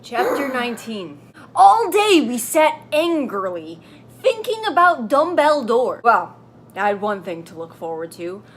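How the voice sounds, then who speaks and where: A young woman reading a fan story aloud for comedy, deadpan and sarcastic, with joking asides. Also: a little high, a little slow, breathy edge. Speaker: comedy reader.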